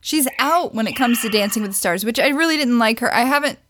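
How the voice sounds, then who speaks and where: Bright-voiced playful woman podcast co-host. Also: a little high, quick pace, slight background noise. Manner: playful, self-deprecating, laughs easily. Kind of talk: casual chat about entertainment news.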